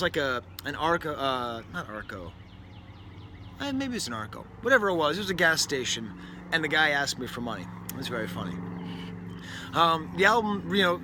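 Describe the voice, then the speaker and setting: A man from New England hosting a casual record review, talking in a rambling, wry way with lots of self-interruptions and asides. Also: fairly high pitch. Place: indoors near a window, with a bird outside. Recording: faint background noise.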